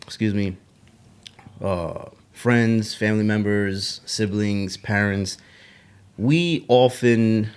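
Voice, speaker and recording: Male podcast co-host, lowish voice, casual and halting with restarts. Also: clear, resonant tone. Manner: halting, restarts, laughs at own slips. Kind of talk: casual chat.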